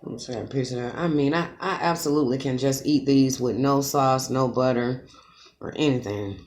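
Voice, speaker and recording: A woman's voice: a bass voice, moderate pace, a little mellow, a little hiss or hum. A woman vlogging while she eats, chatting to her viewers as y'all and humming with pleasure between bites. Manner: chatty, addresses viewers as y'all, savoring hums while eating. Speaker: mukbang vlogger. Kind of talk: casual eating vlog talk to viewers.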